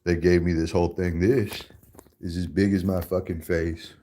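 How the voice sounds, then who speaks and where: A man's voice: low-pitched, level tone, normal speed, dark tone, a little hiss or hum. A man hosting a casual livestream, rambling, swearing freely and laughing often. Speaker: livestream host. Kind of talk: casual livestream chat while eating.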